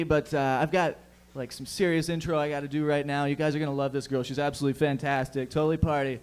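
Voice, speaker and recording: A man hosting a live comedy show on a club stage, loudly hyping up the crowd between acts. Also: fairly high pitch, flat delivery, fast, hardly any pauses, smooth.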